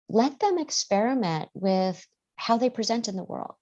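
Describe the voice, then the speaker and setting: A woman's voice: mid-range voice, animated, normal speed, a little mellow, highs cut off. A woman guest therapist giving earnest podcast interview answers, often acting out how parents and children talk.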